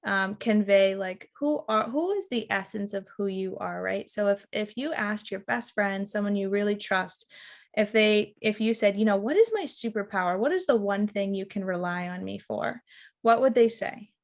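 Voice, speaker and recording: A middle-aged woman who mentors people on relationships chats casually as a podcast guest, thoughtful and reflective. She restarts sentences and acts out little quoted lines, speaking at normal speed in a mid-range voice.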